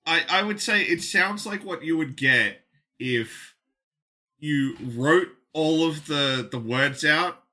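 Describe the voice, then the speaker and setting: Bright-voiced man rambling with swears. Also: fairly high pitch, slow. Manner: rambling, swears, many fillers. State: sick, coughing. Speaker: podcast co-host. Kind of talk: casual chat.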